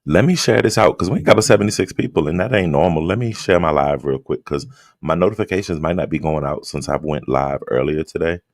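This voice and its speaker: Male streamer, extremely low voice, sleepy late-night drawl, dry close sound, chatting with viewers. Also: fast talker, dry recording. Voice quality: just-woke-up low drawl. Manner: relaxed, greets chat members by name. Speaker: livestream host. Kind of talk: late-night casual livestream chat.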